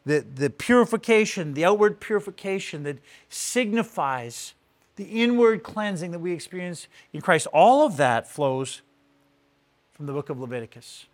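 A man's voice: high-pitched, sing-song, moderate pace. A man preaching a Bible teaching in an earnest way, often restarting his phrases with repeated words. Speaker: pastor. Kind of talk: sermon-style Bible teaching.

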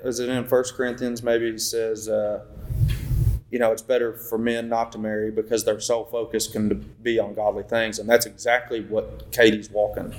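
A young man leading a Bible study in a relaxed, rambling way, often stopping to correct himself. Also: lowish voice, a little hiss or hum. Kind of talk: casual Bible teaching.

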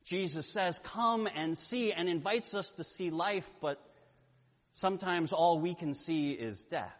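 A male pastor preaching a sermon in a deliberate way, with dramatic pauses. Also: fairly high pitch. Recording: dull sound with long church reverb.

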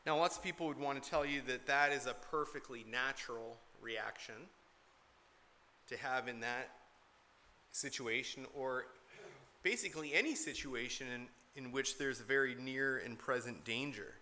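A man's voice: medium pitch, moderate pace, bright, forceful tone. A man preaching an expository sermon from the pulpit, earnest and emphatic, repeating key points to drive them home. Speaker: pastor.

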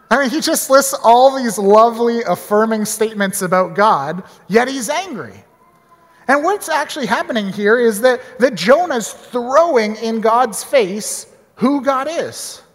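Man, Bible teaching, animated and chatty, long echoing reverb. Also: high voice. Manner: animated, conversational, with small restarts.

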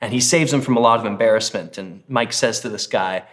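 A man's voice: lowish voice, brisk. A man who is a pastor, preaching a sermon in a casual, conversational way and reading scripture with emphasis.

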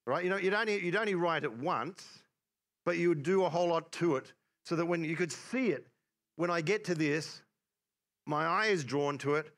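A man preaching a relaxed, conversational sermon, often restarting and repeating words as he explains. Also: fairly high pitch.

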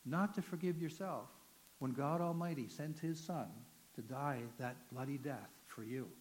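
A man's voice: fairly high pitch, measured pace, natural voice. A man voicing a stern fellow prison inmate who sharply rebukes a friend. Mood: rebuking. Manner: pointed, rebuking.

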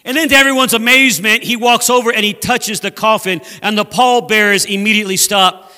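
A man preaching a sermon as a guest speaker in a church, animated and acting out voices from scripture. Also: high-pitched, a little fast, long reverb tail. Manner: animated, acts out scripture voices, laughs at own jokes. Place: church sanctuary.

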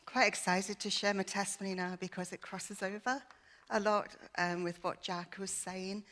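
A woman's voice: mid-range voice, steady tone, moderate pace, fairly bright tone. Emotional woman sharing testimony in church. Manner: earnest, emotional, with many fillers. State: shaky with emotion. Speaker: church member giving testimony.

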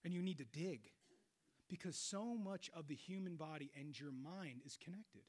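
A middle-aged man preaching a sermon, animated, swinging between loud exclamations and quiet low stretches. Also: moderate pace. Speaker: pastor.

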